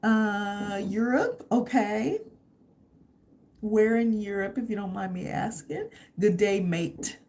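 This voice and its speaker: A woman's voice: medium pitch, expressive, takes it slowly, darkish tone, slight background noise. A woman from Texas, chatting casually with viewers on a travel livestream, full of fillers and meandering asides. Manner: rambling, many fillers. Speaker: travel vlogger. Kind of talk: casual live chat with viewers.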